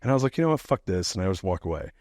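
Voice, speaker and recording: A middle-aged man telling a profane, animated story as a podcast guest, laughing now and then. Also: low voice, very fast, dry recording, clean studio sound. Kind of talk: casual storytelling.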